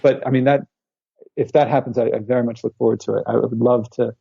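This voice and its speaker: A man's voice: mid-range voice, fast, creaky, breathy edge. A man in his forties, an author speaking as a guest in an interview, telling stories and acting out what people said, heard over dull lo-fi call audio. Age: 40s. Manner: animated storyteller who acts out quotes. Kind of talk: conversational interview storytelling. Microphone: remote call line.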